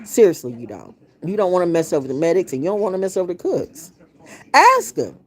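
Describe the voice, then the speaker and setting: A middle-aged American woman vents to her viewers in a loose, unscripted rant. Her speaking voice sits fairly low for a woman, but it swings widely up and down as she tells her stories. She is blunt and salty, with no filter. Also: fairly quick, husky. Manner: blunt, profane, animated storytelling. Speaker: vlogger. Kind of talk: casual rant to camera.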